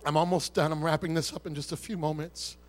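A man pastor preaching a sermon with an altar call, swinging between shouted fervor and hushed, intimate words. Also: fairly high pitch, steady tone, fast talker.

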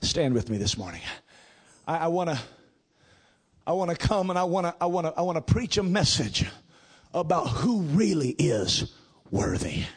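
A middle-aged male pastor preaching a sermon, building to drawn-out shouted emphasis. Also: on the high side, very animated, husky.

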